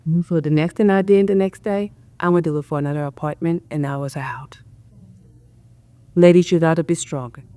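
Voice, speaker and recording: A woman's voice: low-pitched, steady tone, brisk, dark tone. A woman hosting a podcast interview, talking casually with lots of "like" and "you know" fillers, encouraging her listeners. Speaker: podcast host.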